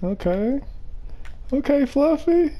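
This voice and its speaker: A woman's voice: high voice, expressive, slow, muffled recording. A woman hosting a casual phone chat, laid-back and teasing, laughing often. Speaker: channel host.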